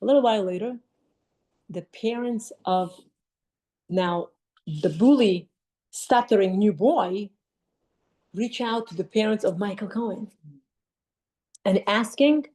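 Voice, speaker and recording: A woman's voice: medium pitch, slow pace, pauses often, warm tone. A woman telling an inspirational story emphatically, often restarting and repeating words. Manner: emphatic, with frequent restarts and repetitions.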